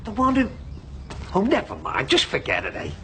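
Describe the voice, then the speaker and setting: An actor playing a chatty middle-aged shopkeeper who fancies himself a comic, rambling through jokes with many fillers in a TV soap drama. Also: male voice, high-pitched, wildly swooping pitch, moderate pace, sharp tone, a little hiss or hum, full character voice.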